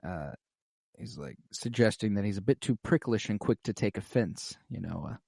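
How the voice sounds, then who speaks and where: A man's voice: lowish voice, animated, normal speed, creaky, a little mellow, husky, no room sound, studio quality. Laid-back slangy male podcast host. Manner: laid-back, slangy retelling with quoted lines. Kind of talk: casual chat, recapping a TV episode.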